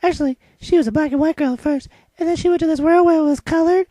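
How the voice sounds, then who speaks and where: A woman playing an excitable, naive young child who rambles breathlessly in a comedic vlog. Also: sits high, fast, dry recording, voice pushed up, close to an everyday voice. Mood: chirpy. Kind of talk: comedic kid-character vlog.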